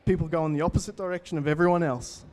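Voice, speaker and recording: An Australian man in his twenties delivers a motivational talk on stage. His voice sits a little higher than most men's. He tells stories with energy and speaks straight to the room. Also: racing. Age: 20s. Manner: energetic, storytelling, addresses the crowd directly. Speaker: keynote speaker. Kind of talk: motivational talk to a live audience.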